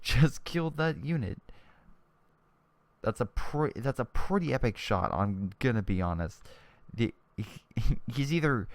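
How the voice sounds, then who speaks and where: A man's voice: on the low side, no room sound. A young man giving casual commentary over a strategy game replay, chatty and exclamatory, often restarting his sentences.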